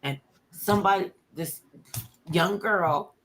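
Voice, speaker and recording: An older woman tells stories in casual conversation. She acts out quotes, jumping from loud bursts to hushed whispers. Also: on the low side, slow pace, slight background noise. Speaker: former talk show host telling stories. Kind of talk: casual storytelling interview.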